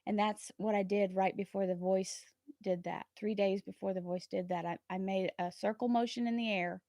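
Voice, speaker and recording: A woman hosting a tarot livestream, talking earnestly and warmly about trust and spirit, often laughing between thoughts. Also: medium pitch, steady tone, moderate pace, dry recording, studio quality. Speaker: tarot reader and channel host. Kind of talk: casual livestream chat.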